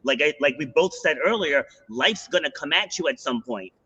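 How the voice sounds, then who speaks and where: Podcast host, man, middle-aged; bright, slightly husky voice, animated storyteller. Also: a little high, normal speed, muffled recording. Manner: animated storyteller, acts out quotes. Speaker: podcast host and fitness coach. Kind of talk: casual interview storytelling.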